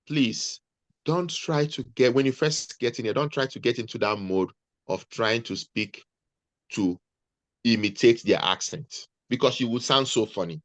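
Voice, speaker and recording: A man, a guest on a video call, giving measured, deliberate advice to nurses. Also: medium pitch, no echo. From Nigeria.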